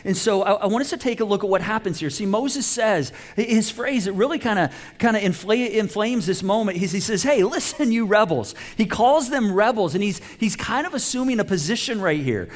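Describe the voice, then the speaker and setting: Male pastor, high-pitched, conversational sermon delivery, lots of restarts, animated quoted voices. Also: brisk, few pauses. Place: church auditorium with a live congregation.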